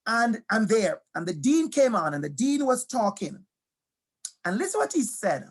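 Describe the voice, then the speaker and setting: This man's voice sits high and swings widely in pitch, with a slightly rough edge and a normal speed. He gives a motivational talk to teachers, weaving in personal stories. He speaks emphatically, repeats key phrases, asks questions and addresses his audience directly.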